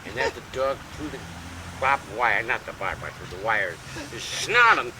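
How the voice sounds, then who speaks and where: An older man telling a long, animated anecdote during a casual home visit. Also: on the low side, moderate pace. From United States. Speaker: storyteller. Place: house in a city neighborhood. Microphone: camcorder mic. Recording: noisy home video with street sounds.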